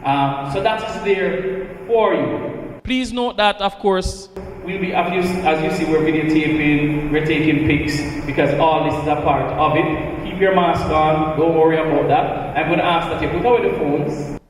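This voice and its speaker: A male event organizer gives students a chatty, informal welcome, full of promises and jokes. His voice is on the high side at a normal speed, and the reverberant hall carries faint ambient noise.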